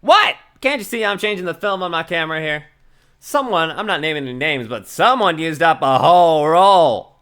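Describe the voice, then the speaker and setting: A man's voice: fairly high pitch, expressive, normal speed, a bit bright, clear, resonant tone. A man voicing a brash, tough Southern woman photographer in a game, with a drawling Southern US accent and a hollering folksy manner. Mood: defensive. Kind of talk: reading game dialogue aloud.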